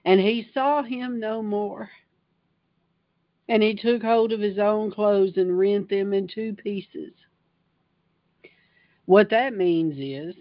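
A woman with a mid-range voice preaches an informal livestream sermon, fervent and emphatic, reading scripture and then riffing on it. The recording is dry with no room sound, and the highs are cut off.

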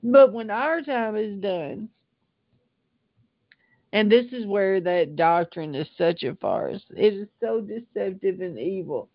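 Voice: medium pitch, lively intonation, slow pace, no room sound, dull audio. An older Bible teacher reading scripture aloud and stopping often for heartfelt asides.

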